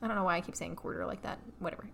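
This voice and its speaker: A woman co-hosting a casual podcast, telling a story in an animated way and adding playful asides. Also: on the low side, rapid-fire, gravelly, very noisy. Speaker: podcast co-host.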